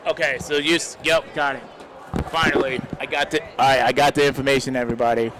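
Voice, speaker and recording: A man's voice: mid-range voice, level tone, quick pace, noisy background. A young man giving casual live commentary on a stream, rambling and heartfelt, often adding "man" to his sentences.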